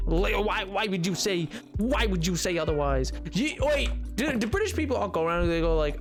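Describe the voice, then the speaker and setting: A man chats loosely with his stream as he plays, wandering between jokes and asides. His voice leaps up and down playfully, and a quiet music track runs under it. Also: animated, fairly quick, few pauses. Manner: rambling, playful, jumpy pitch, laughs often. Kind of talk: casual live-stream chat while gaming.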